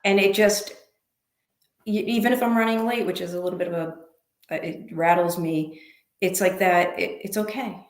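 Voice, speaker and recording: Soft-spoken, reflective woman guest, recorded in a roomy, echoey space. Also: on the low side, steady tone, normal speed, pauses often. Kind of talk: casual online show chat. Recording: echoey room.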